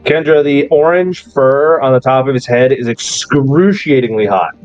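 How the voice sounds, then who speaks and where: A man's voice: mid-range voice, normal speed, darkish tone, soft background music. Laid-back male game master, dull audio. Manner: loose, casual describing with many "like"s. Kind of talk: narrating a tabletop game.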